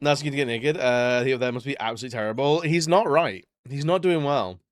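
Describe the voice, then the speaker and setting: A man's voice: medium pitch, fast, dry recording, studio quality, faint music behind. A man chatting casually during a live stream, rambling and laughing often between remarks. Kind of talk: casual live-stream chat while gaming.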